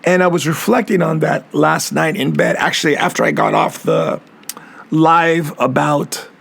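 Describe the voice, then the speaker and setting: A man's voice: on the high side, measured pace, gravelly, fairly bright tone, husky. A middle-aged man hosting his own podcast as a capoeira master, talking earnestly and reflectively, often repeating and restarting his words. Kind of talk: reflective solo podcast monologue.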